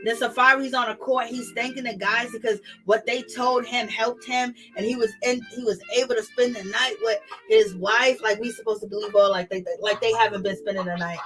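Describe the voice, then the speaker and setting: Sassy, bright-voiced woman gossiping. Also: fairly high pitch, fairly even intonation, fairly quick, hardly any pauses, soft background music, rough recording. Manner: chatty, sassy, laughs often, quotes people in mock voices. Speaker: reality TV recap host. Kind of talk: casual gossip commentary.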